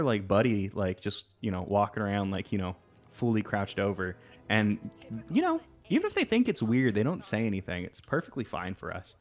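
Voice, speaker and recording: Guy rambling thru a stealth game, lowish voice that jumps around a lot, tons of likes and ums. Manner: rambling, filler-heavy, thinks aloud. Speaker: let's play host. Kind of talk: casual gameplay commentary.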